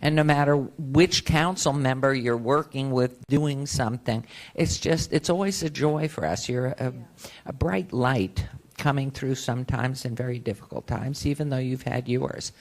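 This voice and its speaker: A woman mayor giving warm, effusive congratulations at a council meeting. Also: extremely low pitch, normal speed, hardly any pauses. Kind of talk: ceremonial remarks at a council meeting.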